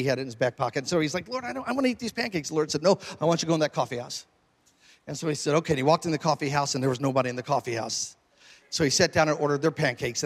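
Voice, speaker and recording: A man preaching a sermon, telling a story with lively acted-out quotes and jokes to his congregation. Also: a little high. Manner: animated, acts out quoted voices, jokes with congregation. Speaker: pastor. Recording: long hall reverb.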